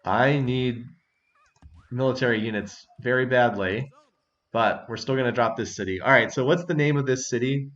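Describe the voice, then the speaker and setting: A let's-play host with a medium-pitched, fairly bright voice speaks at normal speed during a strategy game session. He chats casually, thinks aloud, and laughs often, and the audio has its highs cut off.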